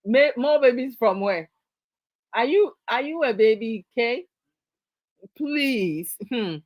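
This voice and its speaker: A woman's voice: fairly high pitch, lively intonation, slow, no echo, highs cut off. A middle-aged woman hosting a live discussion, lecturing her viewers with exasperation and frequent laughter. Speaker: host of a live discussion stream. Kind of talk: casual live-stream talk to viewers.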